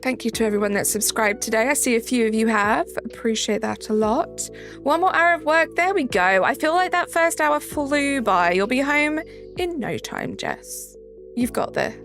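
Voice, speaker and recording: A woman's voice: fairly high pitch, lively intonation, moderate pace, fairly bright tone, soft background music. A woman with a Southern English accent, hosting a live stream in casual chat, greeting viewers by name and reading the chat aloud. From south of England.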